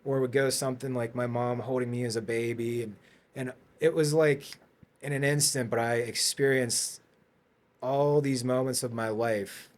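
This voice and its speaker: A man guest on a podcast, telling his story in a casual, rambling way with many fillers and restarts. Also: medium pitch. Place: podcast studio.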